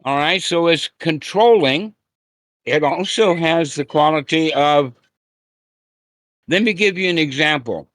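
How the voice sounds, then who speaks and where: Slow, plain-spoken man teaching. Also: medium pitch, a bit bright, no echo. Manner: plain-spoken, folksy, acts out quoted lines. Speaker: Buddhist teacher. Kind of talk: dharma talk on a group call. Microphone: online call.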